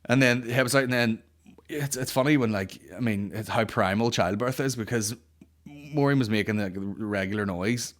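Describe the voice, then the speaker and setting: A man's voice: mid-range voice, moderate pace. A man, hosting a podcast and telling a rambling, sweary comedic story with lots of restarts. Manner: sweary, rambling, animated anecdote with frequent restarts. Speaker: podcast host.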